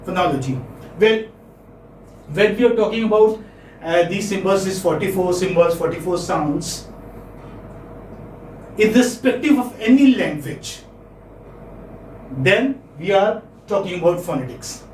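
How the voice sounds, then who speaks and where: A man's voice: high-pitched, lively intonation, a little slow, long pauses, a little mellow, a little hiss or hum. A man teaching phonetics to a class, repeating words and asking checking questions. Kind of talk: classroom lecture. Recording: echoey classroom, mic far off.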